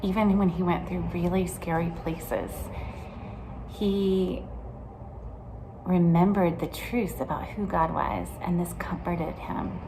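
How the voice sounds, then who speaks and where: A woman with a somewhat low voice teaches a children's Bible lesson. She is gentle and chatty and keeps asking the kids questions. A faint noise sits under the recording. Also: steady tone, slow pace, long pauses. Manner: gentle, chatty, asks questions with many "right?"s.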